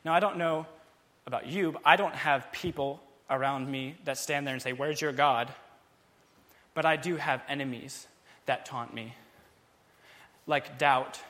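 Bright-voiced man teaching from the Bible. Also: on the high side. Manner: animated, acts out the psalmist's feelings.

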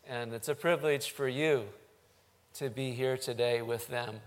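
A man, a pastor, speaking haltingly to his congregation and leading a prayer. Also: medium pitch. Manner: halting, with frequent ums. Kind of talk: church service address and prayer.

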